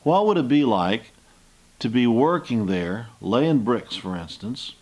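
A man's voice: medium pitch, animated, takes it slowly, darkish tone. An older man giving a Bible lesson, reading scripture and retelling the story in a folksy, storytelling way. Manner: folksy storytelling, acts out scenes with rising voice. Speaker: Bible teacher.

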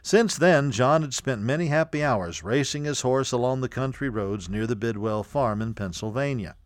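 A man narrating a storybook in a steady, clear reading voice. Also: medium pitch, normal speed, no room sound, studio quality. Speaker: audiobook narrator.

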